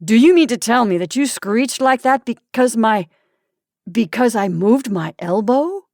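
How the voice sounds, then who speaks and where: A woman's voice: fairly high pitch, lively intonation, measured pace, darkish tone, no echo, studio quality. A woman reading a story aloud, voicing a bewildered young husband who turns angry and indignant. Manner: indignant, blustering.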